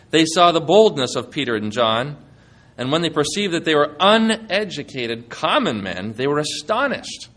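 A man's voice: on the high side, bright, forceful tone. A man preaching a sermon in a conversational, folksy manner, using plain everyday talk.

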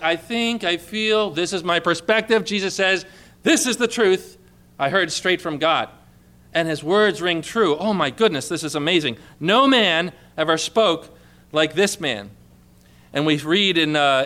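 Bright, high-voiced man preaching a sermon. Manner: animated, emphatic storytelling with rising exclamations.

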